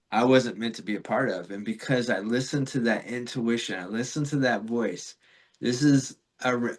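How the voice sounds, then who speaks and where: With a mid-range voice, a man from Florida appears as a podcast guest, sharing a rambling spiritual story. He's reflective and casual, using fillers and laughing softly.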